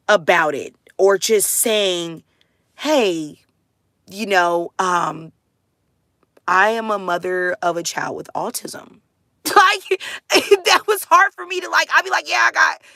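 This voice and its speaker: A woman talking casually with viewers, chatty and animated, laughing often and saying "like" and "dude" a lot. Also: fairly high pitch, dry recording, clean studio sound. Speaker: mother sharing her family life.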